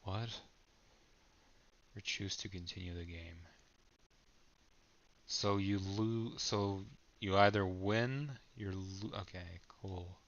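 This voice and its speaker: A man's voice: low-pitched, takes it slowly, pauses often, fairly bright tone, dull audio. A man reading an AI game prompt aloud, stumbling and laughing as he comments. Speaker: video creator.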